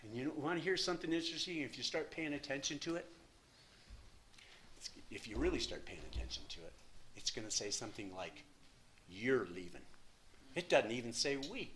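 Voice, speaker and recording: An older man giving a personal recovery share in an impassioned, emphatic way. He swings from near-hushed confession to loud bursts and swears freely. His voice sits at an ordinary middle pitch over faint background noise. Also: lively intonation, fairly quick. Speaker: speaker at a recovery meeting.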